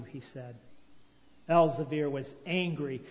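In a big hall that gives his voice a lingering echo, a male storyteller with a somewhat high voice narrates a moral story. He reads it in a measured, expressive way before explaining its meaning as a religious teacher would.

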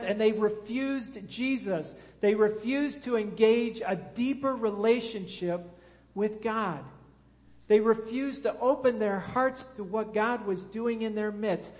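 A male pastor with a notably high voice delivers a sermon at an unhurried pace. He talks directly to the congregation and leads them in call-and-response. His voice rings out with a long reverb, as if in a large church hall.

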